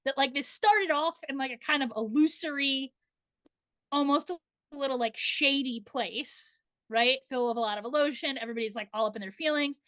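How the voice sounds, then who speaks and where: A woman's voice: high voice, normal speed, bright, forceful tone, dry recording. A woman teaching tarot in a casual class discussion, chatty, filling her talk with "like" and checking in with "right?". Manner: chatty, fillers of "like" and tag questions "right?".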